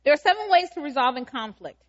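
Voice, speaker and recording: A high-pitched woman preaches in an emphatic, questioning way, pressing the congregation again and again. The sound is a little dull and lo-fi. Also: big pitch swings, quick pace. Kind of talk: sermon.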